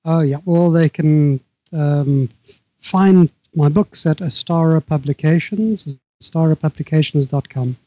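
An older man from Africa, speaking as a guest author in a halting, measured way with frequent restarts. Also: a little high, dark tone, dry recording, dull audio. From South Africa. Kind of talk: remote interview conversation.

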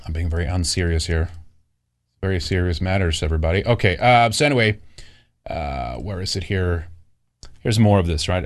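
Male host, lively pitch, loose rambling commentary. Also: moderate pace. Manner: rambling, animated, often mocking. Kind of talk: casual political commentary.

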